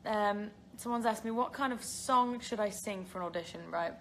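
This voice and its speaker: This is a young English actress chatting casually with fans on a phone livestream, reading their questions aloud, laughing often and using plenty of filler words. She speaks at medium pitch and a moderate pace, a bit bright in tone, with slight noise behind her.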